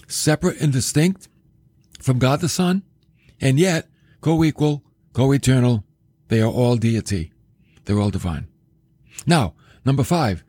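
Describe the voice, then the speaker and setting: A male podcast preacher teaching Scripture in an animated sermon style, often turning to ask the listener questions. His voice is husky and moves through a wide range of pitch. The recording is dry and close, with no room sound. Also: dry recording.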